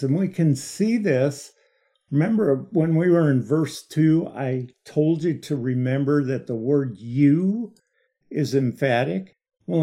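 A man leading a Bible study lesson, explaining verses in a deliberate way and stressing key words. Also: fairly high pitch, mellow.

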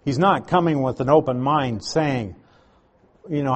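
A man preaches an evening Bible study in an unhurried, conversational way, sprinkling in asides as he teaches. His voice sits at a middle pitch with a husky edge, and he takes his time. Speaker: pastor.

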